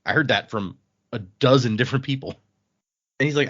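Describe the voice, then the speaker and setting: A man's voice: medium pitch, brisk, a bit bright, lo-fi sound. A man hosting a book podcast, retelling scenes in casual chat and acting out the dialogue in shifting voices. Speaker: podcast host recapping a book.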